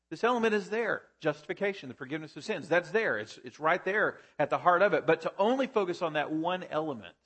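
A man's voice: a little high, a bit bright. Preaching man teaching a word study. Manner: teaching, asks the congregation rhetorical questions. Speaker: pastor. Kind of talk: sermon.

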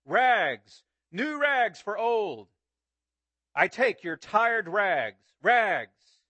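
A man voicing a tall, strong young ragman who calls out through the streets and speaks gently. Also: mid-range voice, moderate pace, no echo, lightly acted. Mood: calling out. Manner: loud ringing street calls.

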